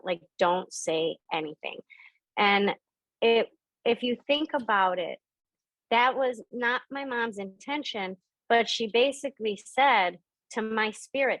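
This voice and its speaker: A middle-aged woman speaks slowly on a video call, her voice a bit bright, the recording dry and low in quality. She teaches about spirit and intuition through personal stories, acting out the people in them with big jumps in pitch.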